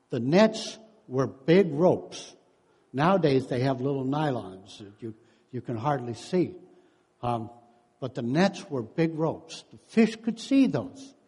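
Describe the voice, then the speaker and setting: A man's voice: fairly high pitch, warm tone, breathy edge. A man in his sixties giving a sermon, telling stories and acting out what people said, with frequent chuckles. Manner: storytelling, acts out quotes, chuckles often. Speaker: preacher and counselor. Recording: long hall reverb.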